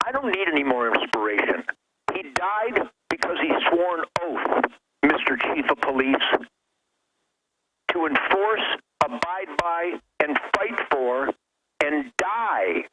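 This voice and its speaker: A man calling into a radio show, giving a fervent, preachy speech that swings between emotional and loud. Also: fairly high pitch, sing-song, unhurried, heavy background noise. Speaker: guest caller. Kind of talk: impassioned talk radio rant.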